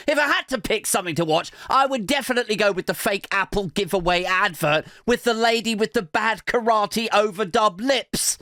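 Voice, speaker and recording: A man hosting a podcast, riffing sarcastically in a rambling comedy monologue that swings from mock outrage to low muttering. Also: lively intonation, a little fast, few pauses, bright, forceful tone, dry recording, clean studio sound. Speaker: podcast host.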